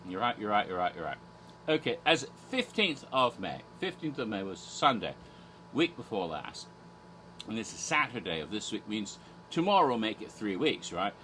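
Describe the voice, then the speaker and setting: A man's voice: on the low side, very animated, moderate pace, pauses often, a bit bright, a little hiss or hum. Man with a put-on British accent. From Asia. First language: American English. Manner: theatrical, silly asides, chuckling digressions. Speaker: horror theme park vlogger. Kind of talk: rambling casual commentary in a persona.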